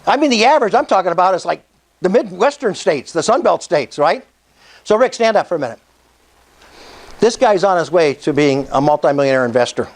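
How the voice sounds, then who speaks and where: Fervent high-voiced older man preaching. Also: very animated, brisk. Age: 60s. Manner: fervent, preacher-like, call-and-response with the audience. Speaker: speaker at a real estate investor meetup. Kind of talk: motivational speech.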